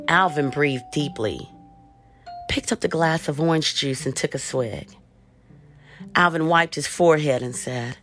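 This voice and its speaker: A woman's voice: low voice, measured pace, long pauses, fairly bright tone, soft background music. A woman narrating a first-person erotic story in a sultry, teasing manner.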